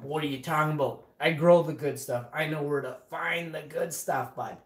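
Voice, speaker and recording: A man's voice: a little high, moderate pace. A man telling a casual story to camera, rambling with lots of fillers, restarts and swearing. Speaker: vlogger. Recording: roomy echo.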